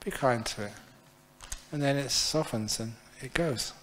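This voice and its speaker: In a temple hall, a man who is a Buddhist monk teacher gives a dharma talk, telling stories in a chatty, playful way and laughing often. His medium-pitched voice is a bit bright and a little slow, with a touch of hiss or hum.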